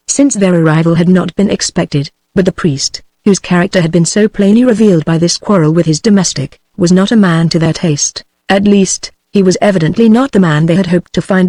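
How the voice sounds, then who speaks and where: A text-to-speech woman's voice with a British accent, reading a novel aloud in a steady, machine-even audiobook narration. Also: on the low side, no room sound. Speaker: audiobook reader.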